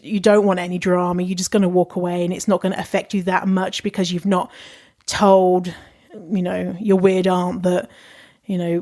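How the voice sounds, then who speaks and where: A woman's voice: medium pitch, darkish tone. Young woman, solo podcast host, frank and chatty with plenty of swearing and laughter. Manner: candid and chatty, swears freely, laughs often. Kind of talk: casual advice monologue.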